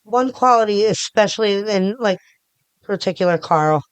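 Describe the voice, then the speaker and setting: A woman's voice: mid-range voice, expressive, moderate pace, clean tone, no echo. A middle-aged woman from the Philadelphia area, a podcast guest chatting casually in a rambling way with many restarts. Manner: rambling, restarts often, talks with her hands. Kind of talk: casual interview chat.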